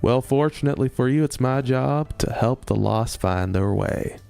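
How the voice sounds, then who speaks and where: A man's voice: medium pitch, moderate pace, gravelly, mellow, clear, resonant tone, soft background music, close to an everyday voice. A man voicing a huge, friendly ox-horned monster chaplain with a Southern accent, genial and pastoral.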